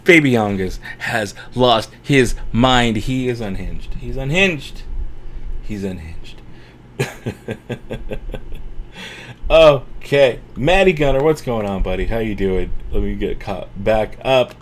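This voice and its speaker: Man, livestream host, casual chat, rambling, low voice. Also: slow pace. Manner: chatty and rambling, with laughs and excited outbursts. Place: home room with a TV behind him.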